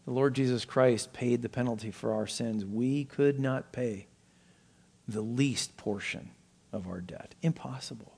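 A man preaching an expository sermon in a mid-range voice. He reads and explains scripture verse by verse. He acts out the characters' pleas with sudden rises in pitch and loudness. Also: breathy edge. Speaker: pastor.

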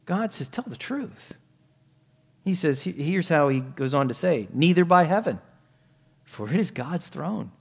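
A man preaching a sermon, earnest, swinging from quiet asides to emphatic raised points. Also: on the high side, expressive, normal speed, gravelly, breathy edge.

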